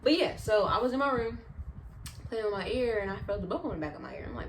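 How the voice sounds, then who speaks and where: A young adult woman, a vlogger, telling casual, animated, slang-filled stories in storytime style. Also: fairly high pitch, fast talker, noisy background. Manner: chatty, slangy, animated retelling.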